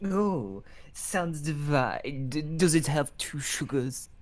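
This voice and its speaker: A man voicing a prim, fussy British gentleman with a put-on posh British accent, in improvised comedic role-play on a stream. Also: on the high side, lively intonation. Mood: pompous. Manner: pompous, slow and savoring.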